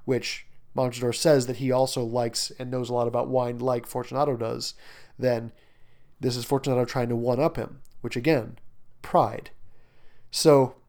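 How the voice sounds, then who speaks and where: A man's voice: medium pitch, level tone, normal speed, darkish tone. A man teaching a short story in a lecture, talking animatedly and emphatically with many fillers and asides. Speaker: literature teacher. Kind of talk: lecture on a short story, reading passages aloud.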